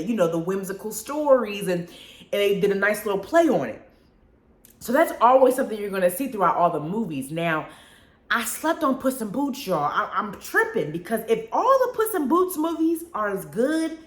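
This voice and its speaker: A woman hosts a casual review show on her own. Her pitch leaps around constantly as she riffs, and the roomy space echoes behind her. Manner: animated, expressive, frequent restarts and slang. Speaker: podcast host reviewing movies. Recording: roomy echo.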